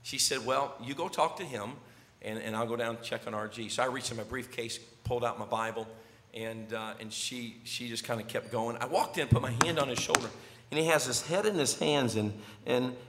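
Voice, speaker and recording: A middle-aged man preaching a sermon, telling a story and swinging from loud calls to hushed words. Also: mid-range voice, slight background noise. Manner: animated, swings from shouting to near whisper. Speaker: pastor. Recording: long hall reverb.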